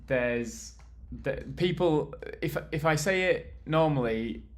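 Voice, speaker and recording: A man's voice: on the high side, expressive, slow. Chatty British man streaming a furniture build. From United Kingdom. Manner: chatty and rambling, laughs easily. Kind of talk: casual live-stream chat.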